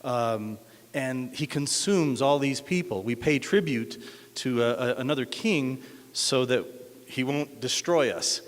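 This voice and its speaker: A man's voice: mid-range voice, unhurried, lightly acted. A man voicing a worried older father in a retold myth, pleading. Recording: echoey hall.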